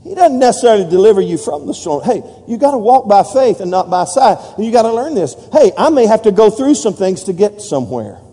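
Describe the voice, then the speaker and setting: A man's voice: sits high, sing-song, a little fast, few pauses, dark tone, slightly rough. A man preaching a sermon, leading the congregation in call-and-response and building to emphatic peaks. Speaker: pastor. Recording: long hall reverb.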